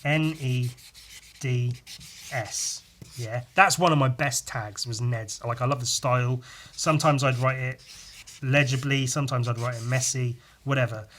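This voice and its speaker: A man's voice: medium pitch, steady tone, measured pace, fairly bright tone. A man hosting a podcast, talking in a blunt, sweary, rambling way with many restarts. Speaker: podcast host. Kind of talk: casual opinionated monologue.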